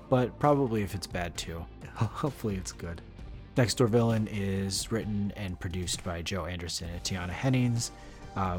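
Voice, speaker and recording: A man co-hosting a podcast in casual chat, talking in a relaxed, hesitant way with frequent restarts. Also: lowish voice. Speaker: podcast co-host.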